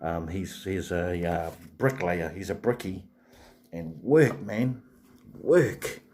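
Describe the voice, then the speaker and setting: Low, mellow man chatting on stream. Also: takes it slowly, slight background noise. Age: 40s. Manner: rambling, chatty, many fillers and restarts. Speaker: live stream host. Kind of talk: casual live stream chat with viewers.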